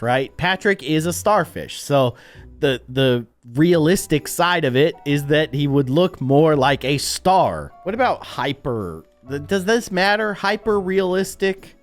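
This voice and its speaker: A man doing casual reaction commentary as a YouTuber, animated, laughing and easily shocked, on a close desk mic. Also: a little high.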